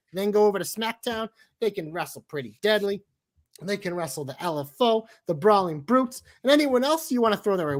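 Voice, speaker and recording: A man co-hosting a casual wrestling podcast, ranting heatedly with lots of swearing. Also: high-pitched. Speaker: podcast co-host.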